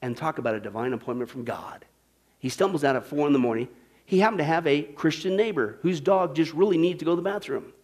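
A male pastor preaching a sermon, swinging between loud, emphatic passages and hushed whispers. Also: fairly high pitch. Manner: dramatic swings from shouting to whispering.

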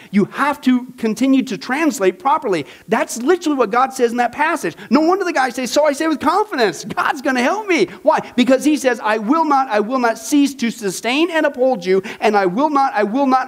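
A male pastor teaching a Bible study class, animated and emphatic, with exclamations and repeated phrases. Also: very high-pitched.

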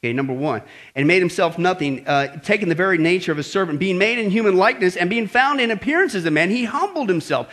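A man preaching a sermon as pastor, with lively asides and frequent "okay?" and "right?" checks to the congregation. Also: sits high, fast.

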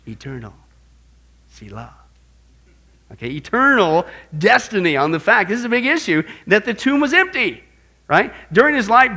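A male pastor leads an apologetics lesson in an emphatic, animated way, constantly checking in with his listeners. His voice sits high, with a bright, forceful edge. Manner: emphatic, animated, asks audience rhetorical questions. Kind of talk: classroom-style sermon lesson.

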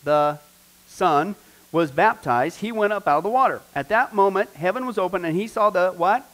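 High-voiced pastor teaching a Bible class. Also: male voice, moderate pace. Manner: lively, conversational teaching with questions to the class.

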